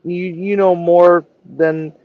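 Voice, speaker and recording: A man's voice: sits high, level tone, slow pace, phone-quality sound. A man chatting casually as a guest, hedging loosely with lots of fillers. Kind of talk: casual chat.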